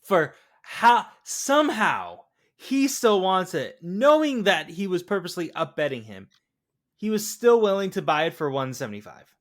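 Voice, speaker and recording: A man co-hosting a podcast, chatting casually about a film and asking quick questions. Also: sits high, very animated. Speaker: podcast co-host.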